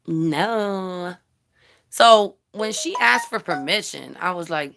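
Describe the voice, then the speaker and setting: Expressive and gravelly, her medium-pitched voice comes across pushed and bright at a normal speed. She's a YouTube commentary vlogger ranting bluntly on a casual live stream, swearing and talking straight to her audience.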